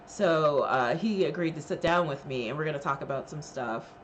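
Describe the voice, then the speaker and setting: A woman's voice: low-pitched, moderate pace, slight background noise. A woman streamer chatting casually with her live chat, emotional and laughing, thanking viewers with lots of fillers.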